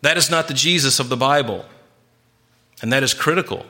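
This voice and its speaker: A man's voice: medium pitch, a little fast, pushed and bright. A man preaching a sermon, earnest and emphatic, with frequent restarts and repeated words. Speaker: pastor.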